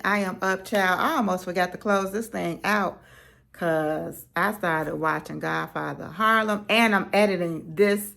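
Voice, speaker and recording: Chatty woman with a gravelly, lowish voice. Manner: relaxed, chatty, slangy asides. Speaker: vlogger. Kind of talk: casual chat. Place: home, on a slow morning.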